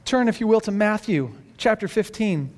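A man's voice: sits high, moderate pace. A man preaching a sermon, reading scripture aloud and breaking into conversational asides. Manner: animated, conversational, restarts and asides. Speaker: pastor.

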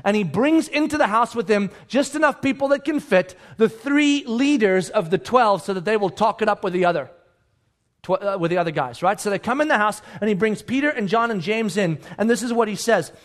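Man, high voice, middle-aged pastor, animated sermon storytelling. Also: a little fast. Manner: animated storytelling, acts out scenes with sudden quiet asides.

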